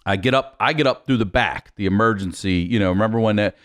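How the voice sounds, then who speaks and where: A man telling a wild story in animated, profane style on a podcast, often laughing as he goes. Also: lowish voice, fast. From Baltimore, USA. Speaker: podcast guest.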